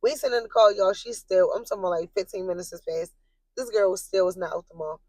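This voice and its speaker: A young woman telling a casual, profane storytime to her viewers, animated, rising into shrill yelling as she relives her anger. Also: fast talker, loud music behind the voice. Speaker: vlogger.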